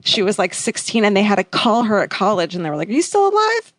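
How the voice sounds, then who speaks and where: A young woman from California co-hosting a podcast, chatting casually and telling stories with quick jumps in pitch and frequent vocal fry. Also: dry recording. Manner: animated storytelling with big pitch jumps for quoted voices. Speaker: podcast co-host. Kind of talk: casual chat.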